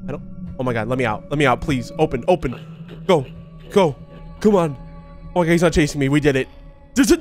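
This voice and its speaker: A young man giving excitable, laughing commentary while playing a horror video game. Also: fairly high pitch, a little fast, long pauses, faint music behind. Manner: excitable, laughing, talks to himself and the viewers. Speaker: gaming YouTuber.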